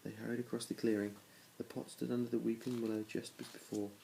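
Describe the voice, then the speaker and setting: A man's voice: mid-range voice, little pitch movement, fast, gravelly, mellow, slight background noise, low-quality recording. A man reading a children's storybook aloud to his children, in a plain reading voice with small restarts. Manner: plain reading with small restarts, little change between characters.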